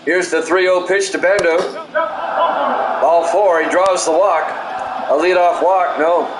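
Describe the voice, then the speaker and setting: A man with a slightly high voice calls the game pitch by pitch in an even, soothing manner, with no regional accent to place him. His voice bounces around an echoey room, and steady background noise runs under every call. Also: a little slow. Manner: calm, self-described soothing delivery with asides. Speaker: play-by-play announcer. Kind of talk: solo play-by-play of a simulated baseball game, chatting with stream viewers.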